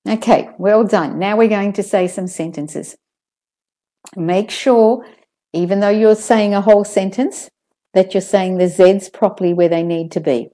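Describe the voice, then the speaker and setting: A woman teaching pronunciation in an online lesson, calmly drilling word pairs and sentences. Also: medium pitch. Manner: slow, careful drills with clear word pairs.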